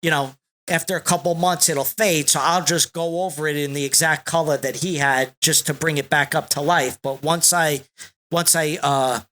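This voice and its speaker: A man speaking as a podcast guest, slow and deliberate, relaxed and rambling in casual conversation. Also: a little high. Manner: slow and deliberate, reciting a long list of names.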